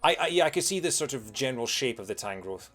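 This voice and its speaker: A man's voice: mid-range voice, expressive, fast, fairly bright tone, soft background music. A young British man giving casual commentary while playing a video game, rambling with lots of fillers as he answers chat.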